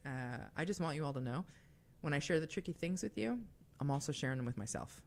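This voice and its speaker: A young woman hosts a casual call-in radio show, talking fast with lively intonation in a voice that sits low. Her manner is chatty and confiding, with fillers and asides.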